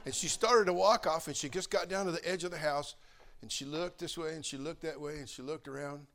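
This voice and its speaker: An older man preaching a sermon as pastor, swinging between loud fervor and quiet storytelling. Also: on the high side, brisk.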